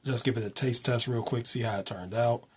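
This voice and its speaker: A man casually vlogging his workout at home, joking around and counting reps out loud. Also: medium pitch, steady tone, a little fast, breathy edge. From United States. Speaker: fitness vlogger.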